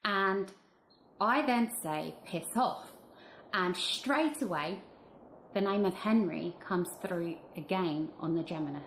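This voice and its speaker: Woman narrating her ghost hunt, lowish voice, echoey, music under. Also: lively intonation, slow pace, a little hiss or hum. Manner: earnest, building suspense. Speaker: paranormal investigator narrating. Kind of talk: vlog voice-over recap. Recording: echoey room with music behind.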